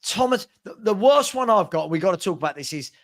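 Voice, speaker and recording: A man co-hosting a casual football fan podcast, animated and mocking, acting out little scenes as he talks. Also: high-pitched, brisk.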